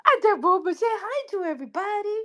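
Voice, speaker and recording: A woman's voice: very high voice, big pitch swings, fairly quick. A middle-aged woman hosting a casual livestream chat, bubbly and teasing, laughing often. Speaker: host.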